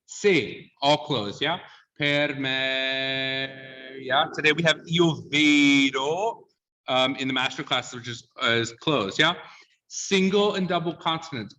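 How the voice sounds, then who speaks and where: A man's voice: medium pitch, bright, forceful tone. A man coaching a class on sung diction, explaining points and quizzing the students, often checking in with "yeah?". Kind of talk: teaching a class. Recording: distant, dull lo-fi sound.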